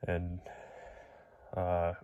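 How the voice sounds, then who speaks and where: A middle-aged man giving a halting, emotional video update, his voice nearly breaking with many pauses and fillers. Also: low-pitched, monotone, phone-quality sound. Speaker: vlogger.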